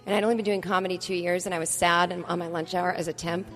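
A woman comedian telling a long story in a casual chat, animated and acting out the other people's lines. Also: lowish voice, fast talker, soft background music. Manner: animated, acts out quoted voices. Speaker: comedian guest.

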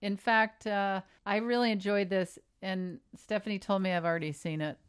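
A woman's voice: mid-range voice, steady tone, moderate pace, clean tone, no room sound. A woman co-hosting a podcast with dry, teasing banter in casual chat. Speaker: podcast co-host.

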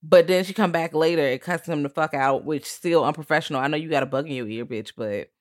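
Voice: mid-range voice, fast, no echo. Co-host with a blunt ranting delivery and frequent swearing, recorded in a dry, close setting. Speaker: podcast co-host. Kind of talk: casual film-review chat.

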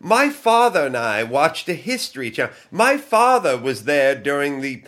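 A man putting on the high, prissy voice of a defensive teenage girl with a London accent. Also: sing-song, moderate pace, fairly bright tone. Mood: indignant. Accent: London English (put on).

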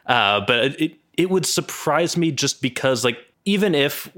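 A man's voice: a little high, expressive, measured pace, fairly bright tone. A man co-hosting a podcast, talking casually and hedging a lot, with many restarts. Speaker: podcast co-host.

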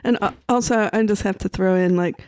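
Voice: mid-range voice, brisk, clear, resonant tone, no echo. A podcast co-host in a casual chat, rambling with many fillers.

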